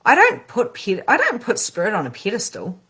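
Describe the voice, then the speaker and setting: Animated husky-voiced spiritual coach woman. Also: a little high, a little fast. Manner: animated, slangy, swings loud and soft. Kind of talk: casual motivational talk.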